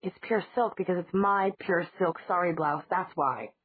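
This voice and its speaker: Composed, deadpan young woman, read by a woman, husky over a tinny line. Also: lowish voice, moderate pace, dry recording. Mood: dry. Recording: dry, tinny phone-like audio.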